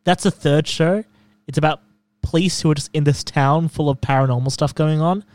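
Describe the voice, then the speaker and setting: A man chatting casually about films and comedians, opinionated and quick to laugh. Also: fairly high pitch, a little mellow.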